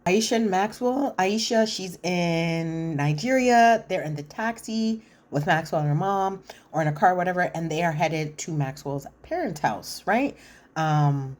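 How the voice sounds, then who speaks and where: A reality TV commentator with a fairly low, darkish voice gives a casual recap of a reality show. She's chatty, blunt and slangy, with plenty of fillers.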